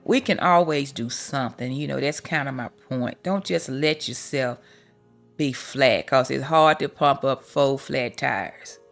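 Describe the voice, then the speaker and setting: Soft music plays behind a woman whose rumbling low, gravelly voice moves unhurriedly. A podcast host and life coach, she candidly tells her own story from the heart, with folksy sayings and occasional emotion.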